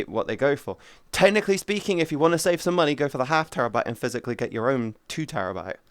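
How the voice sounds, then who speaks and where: Man, young adult, live streamer, casual rambling chat, profane, smooth resonant voice, dry close sound. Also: mid-range voice, dry recording. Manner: rambling, profane, restarts often.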